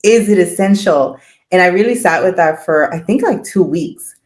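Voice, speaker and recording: A woman's voice: fairly low pitch, lively intonation, normal speed. A woman speaking as a podcast guest in casual chat, candid, swearing freely and laughing often.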